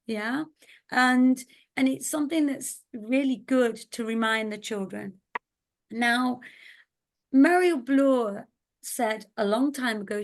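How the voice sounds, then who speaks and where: Slow, animated woman reading a story. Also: fairly high pitch. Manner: playful storytelling, acting out loud, busy, quick and whispered voices. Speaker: teacher trainer. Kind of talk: online teacher workshop, reading a children's story aloud.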